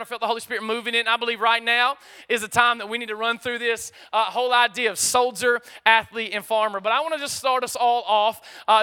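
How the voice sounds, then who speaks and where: A man, preaching a lively sermon and calling out to the crowd in an excited, chatty way during a live church service. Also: extremely high pitch, smooth. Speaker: pastor.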